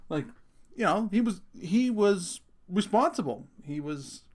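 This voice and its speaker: A middle-aged father ranting casually to his viewers, his voice sitting a little on the high side. He talks in an animated, emphatic way, jumps to loud bursts and swears freely. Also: unhurried. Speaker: vlogger, father. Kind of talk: casual rant to camera.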